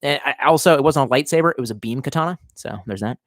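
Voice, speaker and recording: A man's voice: mid-range voice, fast, fairly bright tone, no room sound, clean studio sound. A man in his thirties chatting casually on a live stream, reading viewer comments and rambling with lots of swearing and self-mockery. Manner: profane, rambling, self-mocking.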